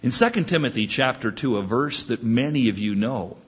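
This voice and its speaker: A man's voice: medium pitch, lively intonation, moderate pace, fairly bright tone, husky, muffled recording. A male pastor preaching a sermon, telling a story with emphatic delivery.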